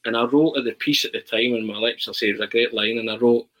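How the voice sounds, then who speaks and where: A man's voice: mid-range voice, fast, poor audio. A Scottish man telling a long anecdote in casual talk, breaking into mock football commentary as he goes. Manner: animated storyteller, bursts into mock football commentary. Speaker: podcast guest. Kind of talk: casual storytelling.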